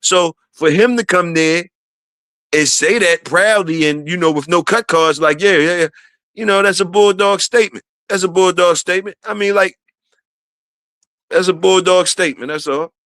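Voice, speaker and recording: Bright-voiced man hosting a casual livestream. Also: high-pitched, normal speed, no room sound, studio quality. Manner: shouts out viewers, repeats phrases. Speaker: livestream host.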